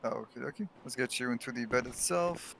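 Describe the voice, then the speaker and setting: Guy doing paramedic role-play, stiff formal jargon, fast talker, noisy audio. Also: medium pitch, gravelly, fairly bright tone. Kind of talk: in-character game role-play.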